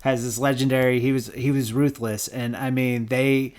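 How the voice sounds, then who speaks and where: A man's voice: mid-range voice, flat delivery, darkish tone. A man hosting a podcast, chatting casually and thinking aloud, with many restarts and agreeing asides. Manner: halting, lots of fillers and restarts, frequent yeahs. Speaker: podcast host. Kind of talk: casual chat.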